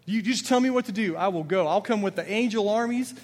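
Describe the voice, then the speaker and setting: A man's voice: high-pitched, fast talker, pitched above the performer's own voice, close to an everyday voice. A pastor voicing an earnest young man pleading with his father in a raised, emphatic voice. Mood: eager. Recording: long reverb of a church hall.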